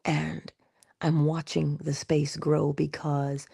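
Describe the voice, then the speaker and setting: Taking it slowly, a woman hosts a relaxed motivational livestream in a low, gravelly, husky voice. She plays around with breathy whispered asides and sudden animated voices when quoting. The recording is close and dry, without echo.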